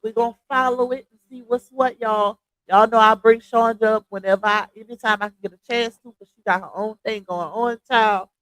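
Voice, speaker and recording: A woman's voice: on the high side, steady tone, brisk, fairly bright tone, no room sound, rough recording. A congested woman hosting a casual live stream, talking straight to her viewers through earphones. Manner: chatty, addresses viewers as y'all. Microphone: earphones with mic.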